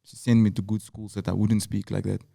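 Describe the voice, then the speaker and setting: This time the South African rapper speaks fast in a low, warm, creaky voice with little pitch movement. Reflecting in an interview with a Cape Town accent, he stays earnest and layers his points through repetition.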